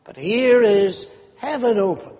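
A man preaching with a high voice and a slow, deliberate pace, leaning hard on key words and rising into animated questions. The sound carries a long hall reverb. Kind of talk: sermon.

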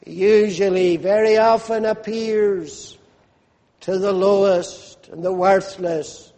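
A man's voice: high voice, steady tone, takes it slowly, mellow. A man preaching a sermon with fervent, swelling emphasis. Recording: long hall reverb.

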